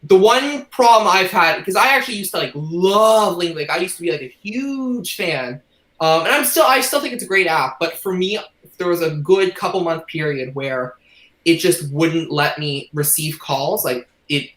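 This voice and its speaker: A man's voice: high-pitched, animated, normal speed, a bit bright, reverberant, low-quality recording. A man hosting a podcast, chatting casually and hesitantly, with lots of fillers and restarts. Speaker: podcast host. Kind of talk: casual chat.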